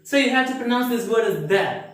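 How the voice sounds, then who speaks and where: A man gives an English pronunciation lesson in a slow, careful way, repeating each example and asking if the class has understood. His voice sits fairly high. It is recorded from some distance in a strongly echoing room. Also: a bit bright. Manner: slow, deliberate, repeats words and asks checking questions. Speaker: English teacher. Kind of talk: explaining pronunciation rules.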